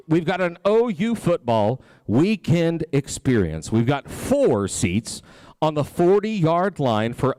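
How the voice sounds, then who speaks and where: Rapid-chanting man auctioneer, smooth voice. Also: fairly high pitch, no echo. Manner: playful crowd banter. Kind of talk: live charity auction calling. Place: banquet hall at a gala.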